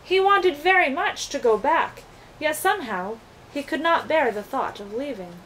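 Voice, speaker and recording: Gentle woman reading a storybook aloud. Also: high-pitched, expressive, moderate pace, a little hiss or hum, low-quality recording. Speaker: narrator.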